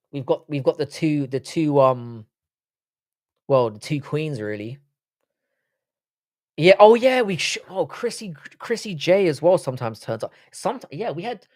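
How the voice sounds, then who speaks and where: A man's voice: on the high side, darkish tone. A man with a London accent hosting a live stream, chatting casually, reading the chat aloud and trading crude banter. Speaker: livestream host.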